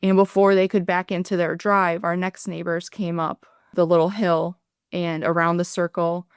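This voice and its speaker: A woman in her thirties, a nurse and paramedic, telling her story as a podcast guest in an earnest, halting way. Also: fairly low pitch, level tone, clear, resonant tone, dry recording, studio quality. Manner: earnest, halting retelling that acts out her own past words. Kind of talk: podcast interview, personal account.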